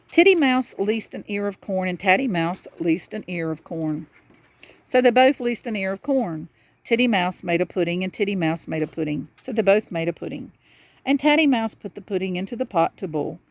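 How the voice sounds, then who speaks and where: A woman reading a children's storybook aloud to a young child in a lively storyteller's manner. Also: medium pitch, no echo.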